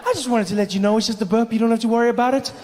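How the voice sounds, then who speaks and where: A man's voice: very high voice, steady tone, racing, darkish tone, slight background noise, voice pushed up. A man doing a sheepish wheedling talking body. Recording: reverberant hall, faint ambience.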